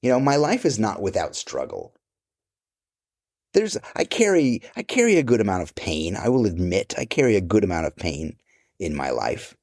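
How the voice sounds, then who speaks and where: A man's voice: lowish voice, wildly swooping pitch, normal speed, a little mellow. A middle-aged man answering interview questions about his life and work, candid, blunt and profane.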